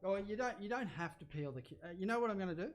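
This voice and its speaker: A middle-aged Australian man hosting a casual cooking livestream, chatting in a rambling way and getting loud when he is excited. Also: sits high, rapid-fire.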